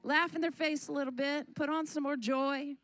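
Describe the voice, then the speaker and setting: A woman's voice: high voice, fairly even intonation, normal speed, a bit bright. A woman worship leader fervently exhorting a church congregation, rallying them to laugh along with her. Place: church sanctuary.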